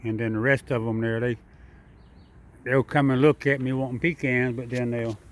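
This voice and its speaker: A man's voice: mid-range voice, steady tone, moderate pace. Older man, casual drawl, backyard vlog, talks to animals and camera. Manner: drawling, chuckling, rambling, talks sweetly to the squirrel. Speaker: backyard vlogger feeding squirrels. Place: outdoors in a backyard.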